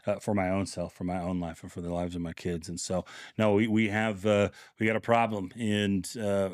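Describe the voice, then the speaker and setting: A man who founded a support project, speaking earnestly and in a measured way with pauses. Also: low-pitched, darkish tone, no room sound, clean studio sound. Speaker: project founder and group leader. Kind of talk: earnest conversation.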